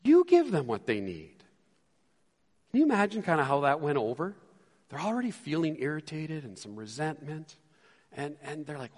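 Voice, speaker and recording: A man preaching a sermon as a pastor, animated and acting out the disciples' lines. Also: a little high, moderate pace, long reverb tail.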